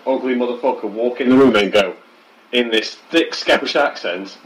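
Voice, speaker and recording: A man's voice: medium pitch, normal speed, low-quality recording. A man co-hosting a casual film podcast, enthusiastic and swearing freely. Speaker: podcast co-host.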